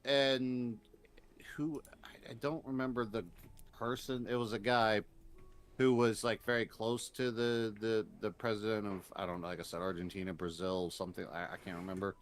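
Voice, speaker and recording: A man with a fairly low voice rambles through his points on a casual podcast. He hesitates and restarts often and slips in jokes. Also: flat delivery, normal speed. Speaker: podcast co-host.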